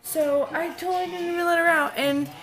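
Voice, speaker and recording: A woman's voice: very high voice, steady tone, fairly quick, a bit bright. A young woman in her twenties telling a story in a casual daily vlog, chatty and full of fillers. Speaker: vlogger.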